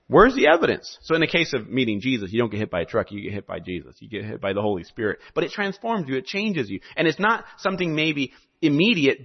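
A man preaching a sermon in an animated, conversational way with joking asides. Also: a little high, breathy edge. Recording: dull lo-fi recording.

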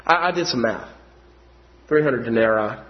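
Emphatic preacher, lo-fi sound. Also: male voice, mid-range voice, expressive, normal speed. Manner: swings from hushed storytelling to loud emphatic preaching. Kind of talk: sermon. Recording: dull lo-fi sound.

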